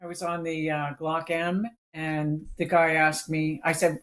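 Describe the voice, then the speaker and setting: A man who is hard of hearing quietly tells a story in casual chat, in a dry manner. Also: a little high, monotone, unhurried.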